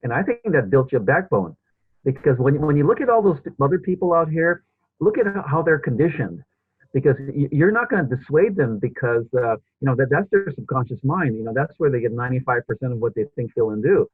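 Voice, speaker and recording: A man's voice: mid-range voice, expressive, fairly quick, no room sound. A male podcast host in casual interview chat, rambling with many restarts and fillers. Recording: husky voice over a tinny phone-like line.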